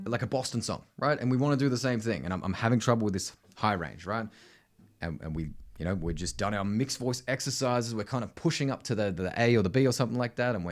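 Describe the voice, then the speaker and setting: Aussie male vocal coach, casual teaching style, animated delivery, keeps checking in with the listener. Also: medium pitch. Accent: Australian. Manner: conversational, constant "right?" tags, sings demonstrations. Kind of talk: casual instructional talk.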